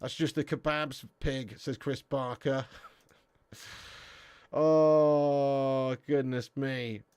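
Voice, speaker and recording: A man's voice: medium pitch, steady tone, takes it slowly, no room sound, clean studio sound. A young English man hosting a football live stream, reading chat messages and bantering with viewers in a slangy, swearing, laugh-filled way. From England.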